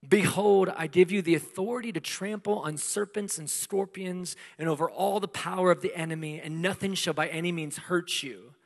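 A man preaching a sermon in a conversational way, asking rhetorical questions and swinging between loud emphasis and hushed asides. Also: high-pitched, moderate pace, hardly any pauses. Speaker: pastor. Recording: long hall reverb.

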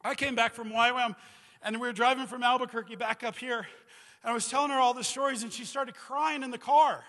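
A man's voice: very high voice, steady tone, brisk, pushed and bright. A man in his forties, a missionary preacher giving a sermon in a loose, rambling way, full of "you know" and "like.". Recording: reverberant hall.

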